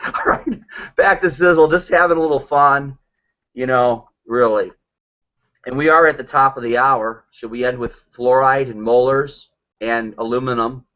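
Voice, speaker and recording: A man's voice: medium pitch, steady tone, moderate pace, pushed and bright. A man hosting a group call, telling joking stories and acting out what others said. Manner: joking storyteller acting out quotes. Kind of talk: casual chat on a group call. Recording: dull lo-fi call audio.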